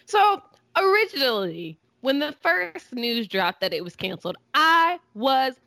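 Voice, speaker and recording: A woman on a casual podcast, telling a story with emphatic, expressive delivery. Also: high-pitched, measured pace, vocal fry, no echo. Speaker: podcast co-host.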